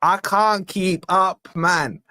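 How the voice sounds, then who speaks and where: A man's voice: sits high, takes it slowly, dry recording, studio quality. A young man hosting a live football fan stream, brash and mocking, worn out from little sleep. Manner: brash, mocking, excitable banter. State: tired from lack of sleep. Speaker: football fan channel host.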